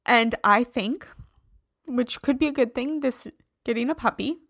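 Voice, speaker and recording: A woman's voice: a little high, measured pace, a bit bright, no room sound, clean studio sound. A woman hosting a podcast, telling a personal story in a candid, emphatic, confessional way. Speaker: podcast host.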